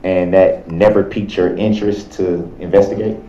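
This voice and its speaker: A man with a very low, dark voice questions a witness in a courtroom cross-examination. He speaks haltingly, repeating himself and restarting his phrases. The sound is dull and lo-fi, with a roomy courtroom echo. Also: steady tone. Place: large courtroom.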